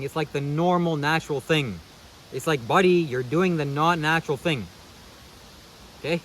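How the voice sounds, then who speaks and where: A man's voice: a little high, fairly bright tone, a little hiss or hum, poor audio. A man vlogging a casual commentary monologue, sarcastic and preachy, who keeps calling the viewer "buddy" and checking "okay?".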